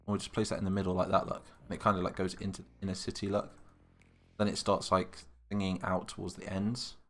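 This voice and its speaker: Chatty young British man, low voice. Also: flat delivery, quick pace. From Britain. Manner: chatty, unsure, thinks aloud and answers viewers' comments. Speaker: live streamer. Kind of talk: casual live-stream chat while mapping.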